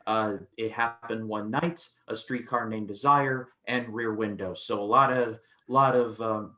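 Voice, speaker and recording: Low-voiced man rambling about films. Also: steady tone, a little slow, sharp tone. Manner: rambling, stumbling restarts, retells scenes. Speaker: co-host and film reviewer. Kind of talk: casual film review chat.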